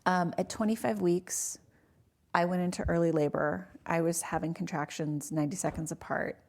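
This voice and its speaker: A woman in her forties telling her own story in a casual podcast interview, animated and acting out the people she quotes. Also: lowish voice, moderate pace. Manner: animated, acts out voices in her stories. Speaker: guest.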